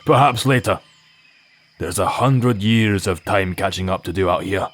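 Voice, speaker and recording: A man voicing a bold, reckless male guard captain with a husky, determined voice, in an audio drama. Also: sits low, unhurried, soft background music. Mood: calm.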